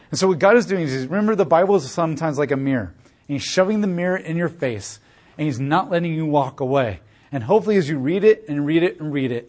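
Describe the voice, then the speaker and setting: A man's voice: a little high, a little mellow. A man teaching on a Bible book in a conversational, emphatic way, piling up rhetorical questions and repeated phrases.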